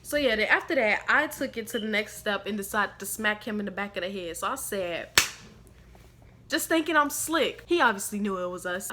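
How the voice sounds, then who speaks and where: Bright-voiced chatty young woman storyteller. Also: mid-range voice. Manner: rambling, animated, slangy, laughs often. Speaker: storytime vlogger. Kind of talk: casual storytelling to camera.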